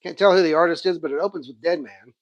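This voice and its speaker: Man, slightly higher voice, laid-back rambling vlog chat, dry close sound. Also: fast, no echo, dull audio. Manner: relaxed, rambling, self-correcting. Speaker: comic collector showing a haul. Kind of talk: casual unboxing chat.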